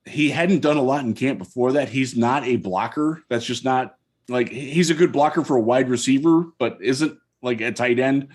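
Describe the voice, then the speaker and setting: Man, podcast co-host, casual, detailed football breakdown, average pitch, speaking from home. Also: moderate pace, darkish tone. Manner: thoughtful, detailed football analysis. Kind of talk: casual sports chat.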